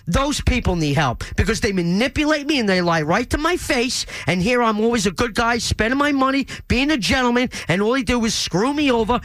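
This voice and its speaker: Defensive guy guest on a radio show, high lively voice, keeps apologizing real formal. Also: brisk, hardly any pauses, no echo. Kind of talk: heated studio argument.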